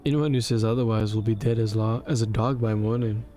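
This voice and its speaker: A man's voice: lowish voice, steady tone, fairly quick, warm tone, soft background music, lightly acted. A man voicing a boastful, threatening male survivor in a game, taunting with streetwise slang. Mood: menacing.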